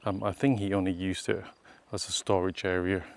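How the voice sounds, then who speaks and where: Low-voiced man chatting on a walk. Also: flat delivery, normal speed, gravelly. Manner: chatty, points things out to viewers as he walks. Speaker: vlogger. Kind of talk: casual walking tour narration. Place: outdoors on a rural hillside road.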